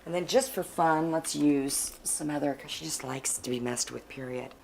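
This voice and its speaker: A woman's voice: deep voice, moderate pace, gravelly, a little mellow, a little hiss or hum. A woman in a music documentary talking casually and frankly, in a laid-back way full of drifting asides. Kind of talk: casual candid chat.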